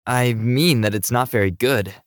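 A man's voice: medium pitch, moderate pace, no room sound, clean studio sound, lightly acted. A man doing a frank, curious slight young guy. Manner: frank, quizzical.

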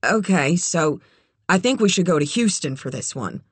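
A narrator voicing a nervous, eager young woman in an audiobook, with a higher, quick and hesitant way of talking. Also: lively intonation, husky, no echo.

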